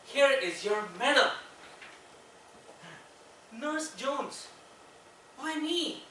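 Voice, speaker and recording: A man's voice: extremely high pitch, animated, very slow, sharp tone, a little hiss or hum, voice pushed up, full character voice. A man putting on a drawling southern nurse. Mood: teasing. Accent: put-on US Southern. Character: brash female southern nurse. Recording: echoey room, far mic.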